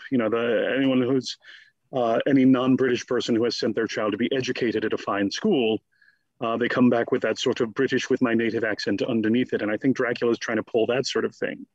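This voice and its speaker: Male guest scholar, husky, animated and digressive; dry, lo-fi recording. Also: mid-range voice, no room sound. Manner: animated, digressive, slips into quick mock voices. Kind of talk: conversational interview.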